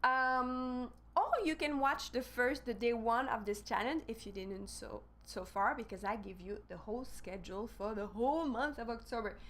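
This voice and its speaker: A woman's voice: a little high, normal speed, few pauses, a bit bright, a little hiss or hum. A woman with a French accent, teaching a live online language lesson and spelling words out letter by letter.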